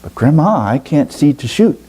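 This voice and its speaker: A man's voice: a little high, sing-song, normal speed, warm tone, slightly rough, voice pushed up. A man voicing a nervous young blind man who stammers and hesitates. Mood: unsure.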